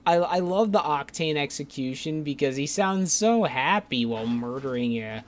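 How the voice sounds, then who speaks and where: A man's voice: on the high side, expressive, moderate pace. A young man giving casual, rambling, profane commentary over his own gameplay clips as a voice-over. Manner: rambling, profane, laid-back. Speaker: gaming YouTuber. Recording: game gunfire noise underneath. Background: game gunfire and clicks.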